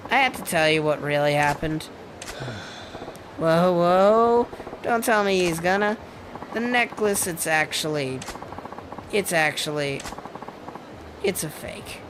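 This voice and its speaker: A streamer voicing a nervous young boyfriend in a game, halting and hesitant as he reads the lines. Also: mid-range voice, animated, background noise. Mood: guilty. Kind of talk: reading game dialogue aloud.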